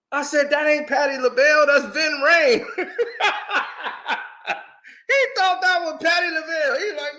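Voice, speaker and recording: High-voiced, animated storytelling man. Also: moderate pace, roomy sound. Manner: animated, acts out quotes, laughs often. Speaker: host. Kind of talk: casual storytelling commentary.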